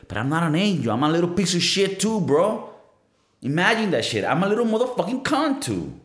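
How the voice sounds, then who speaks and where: High-pitched with big swings in pitch, this thirty-something podcast host talks a little fast through a loose solo monologue. He rambles, curses, and pokes fun at himself, and the recording has a roomy echo.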